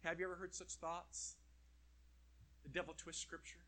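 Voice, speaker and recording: A man's voice: high-pitched, brisk, pushed and bright. A man preaching a sermon, acting out quoted voices and dropping to a near whisper at times.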